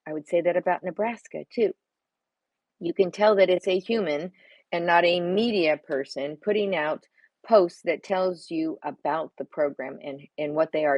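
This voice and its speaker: Middle-aged woman, live-stream recruiting advice, chatty and emphatic, slightly low voice, dry close sound. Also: no room sound. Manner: chatty and emphatic, with frequent rhetorical questions. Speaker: college recruiting advisor hosting a live stream.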